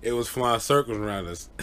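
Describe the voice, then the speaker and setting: A man telling a true story to camera in a casual, animated way, often laughing and acting out the people in it. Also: medium pitch, noisy background. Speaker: vlogger.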